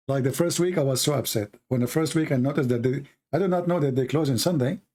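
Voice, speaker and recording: In a mid-range, slightly mellow voice at normal speed, a man runs an online show full of casual mockery. His non-native English wanders, with frequent restarts, fillers, and grammatical slips, and he chuckles at his own jokes.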